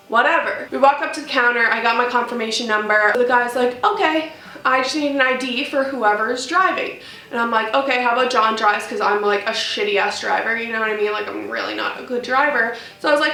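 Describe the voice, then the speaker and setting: A woman's voice: a little high, far from the mic. A woman vlogger telling a story as a rant, swearing freely and acting out her own comebacks. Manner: profane, animated, acting out her own retorts. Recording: roomy room, off-mic, faint music.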